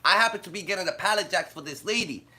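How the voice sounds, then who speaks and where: A man holds forth on a casual live stream, swearing freely and telling stories in street slang. His voice is a touch high and very bright, and it swings widely in pitch as he talks. He breaks into laughter often. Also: lively intonation, fast. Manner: profane, blunt storytelling with street slang; laughs often while talking. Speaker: livestreamer.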